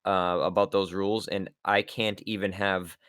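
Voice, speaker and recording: A man appearing as a guest voice actor on a stream, chatting and joking in a relaxed way. His voice is fairly low and sounds close and dry. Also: moderate pace, clean tone, no room sound. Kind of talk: casual chat.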